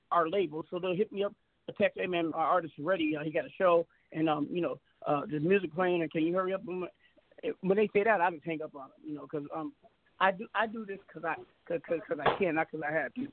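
Middle-aged male call-in radio host, high voice, rambling casual delivery, thin phone-line sound. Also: fast talker, dry recording. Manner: rambling, repeats words, stammering restarts.

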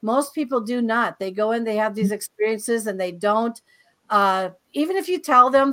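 A fairly high-pitched woman talks as a guest, recounting her own eerie experiences in a loose, chatty way. She is animated and breezy, often doubling back on her words mid-sentence. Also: moderate pace. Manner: animated, breezy storyteller who repeats words as she goes. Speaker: guest author and paranormal experiencer. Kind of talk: casual storytelling interview.

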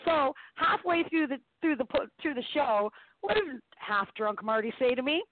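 A woman's voice: sits high, animated, normal speed. A woman co-hosting a casual radio chat, giggly and telling stories with lots of restarts. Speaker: co-host. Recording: tinny phone-line audio with hiss.

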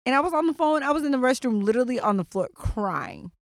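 A young woman co-hosting a podcast, telling stories in a blunt, profane and animated casual chat. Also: sits high, fast, vocal fry, no room sound, clean studio sound. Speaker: podcast co-host.

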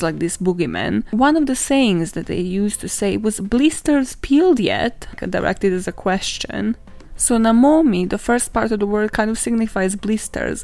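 A young woman hosting a podcast, telling stories in a casual, sweary, animated way and laughing often. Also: medium pitch. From not British, lives in London. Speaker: podcast host. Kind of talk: casual chatty storytelling.

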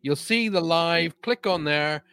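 A man's voice: on the high side, a little slow, bright, forceful tone, clean tone. Chatty upbeat British man hosting live. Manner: chatty, upbeat, reads out viewer comments. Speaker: host of a live-streamed medium show. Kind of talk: casual live-stream chat with viewers.

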